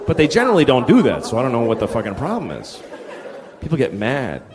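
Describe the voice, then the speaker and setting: A middle-aged man doing a stand-up comedy set, ranting and swearing and acting out shouted characters. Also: mid-range voice, wildly swooping pitch, fast. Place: large theater with a laughing audience. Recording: live theater recording, hall echo, crowd laughter.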